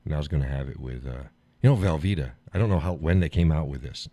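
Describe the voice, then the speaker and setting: A man hosting a live stream, chatting casually about food and his day, laughing often and talking in an animated, blunt way with some swearing. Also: very deep voice, fast, no room sound. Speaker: live stream show host. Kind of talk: casual chat reading viewer comments.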